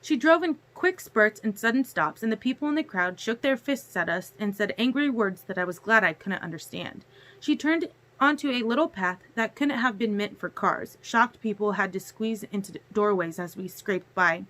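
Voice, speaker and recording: A woman narrating a novel chapter aloud in a steady storytelling manner. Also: medium pitch, moderate pace. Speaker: audiobook reader. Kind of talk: audiobook narration.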